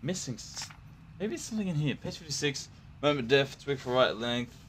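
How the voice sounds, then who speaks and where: A man's voice: medium pitch, animated, moderate pace, a bit bright, a little hiss or hum. A young man giving gameplay commentary on a horror game, joking and swearing with jumpy reactions. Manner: jokey, profane, jumpy reactions. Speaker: gamer playing a horror game.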